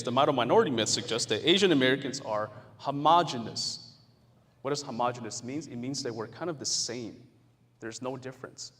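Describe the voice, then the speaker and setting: A man giving a lively educational talk to an audience, with playful asides and acted-out quotes. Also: fairly high pitch. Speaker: presenter. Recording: hall reverb.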